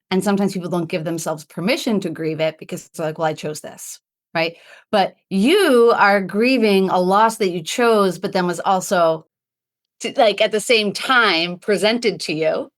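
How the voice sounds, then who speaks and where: A woman's voice: medium pitch, a little slow. A woman hosting a podcast interview, asking questions and reflecting on her guest's answers. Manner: reflective and inquiring. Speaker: podcast host.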